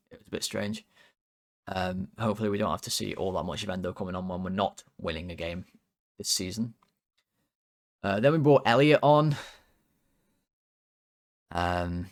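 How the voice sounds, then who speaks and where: A man hosting a fan channel, rating players in a casual, rambling, exasperated way with lots of fillers. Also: on the low side.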